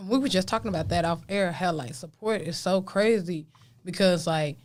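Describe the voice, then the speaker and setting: A woman's voice: on the low side, moderate pace. Blunt, profane woman hosting a podcast. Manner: blunt and profane, asks probing questions. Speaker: podcast host. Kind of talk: casual podcast chat.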